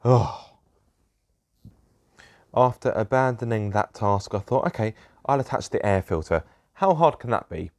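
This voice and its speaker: A man's voice: on the low side, lively intonation, a little slow, vocal fry, pauses often, no echo, clean studio sound. A young man narrating his own car repair vlog, grumbling in a self-deprecating way about fiddly parts. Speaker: car vlogger. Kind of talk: casual DIY vlog narration.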